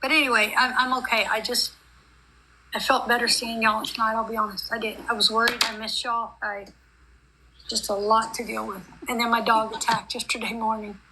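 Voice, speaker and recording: A woman's voice: fairly high pitch, little pitch movement, brisk, crowd noise, poor audio. A middle-aged woman, chatting on a live stream call in a rambling, heartfelt, run-on way. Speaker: guest on a group live stream. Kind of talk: emotional casual chat.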